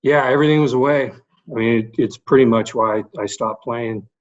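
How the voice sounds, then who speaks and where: A man's voice: mid-range voice, normal speed, muffled recording. A middle-aged man, a baseball coach, telling anecdotes from his playing days in a casual podcast chat. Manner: animated anecdotes with fillers. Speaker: guest, baseball head coach.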